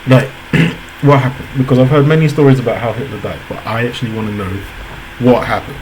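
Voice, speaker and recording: A man hosts a casual reaction video, talking in an average-pitched voice. He chatters excitably, laughs often and circles back over his own words, while a faint air-conditioning hum sits underneath. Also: a little fast, poor audio. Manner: excitable, laughs a lot, repeats himself.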